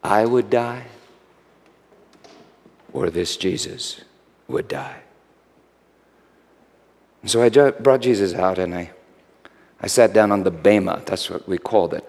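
A man playing Pontius Pilate, a guilt-haunted Roman governor, in a dramatic first-person monologue that swings from shouts to whispers, recorded in a church. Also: low-pitched, measured pace, long pauses, in a large hall. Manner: swings between shouted outbursts and hushed whispers. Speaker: preacher performing a character monologue.

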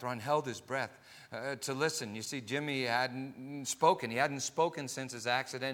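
A man preaching a sermon, telling a story slowly and deliberately with many pauses, building from quiet narration to loud, impassioned passages. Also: medium pitch, big-room sound.

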